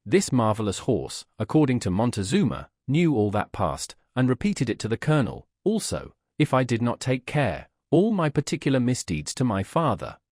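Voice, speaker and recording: Husky, lively male audiobook narrator. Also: mid-range voice, normal speed, hardly any pauses, dry recording, studio quality. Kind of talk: scripted narration of a classic tale.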